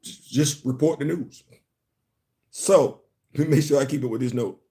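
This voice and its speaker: A man's voice: medium pitch, normal speed. A man hosting a casual live commentary stream on comics, repeating words and stopping to greet viewers. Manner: animated, repeats words, laughs and chats with viewers. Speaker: commentary channel host.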